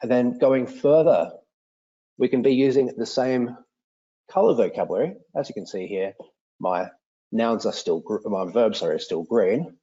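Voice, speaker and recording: Animated teacher explaining grammar. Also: male voice, normal speed, slightly rough, lo-fi sound. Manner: explanatory, enthusiastic, with lively pitch swings. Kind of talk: software demo for teachers.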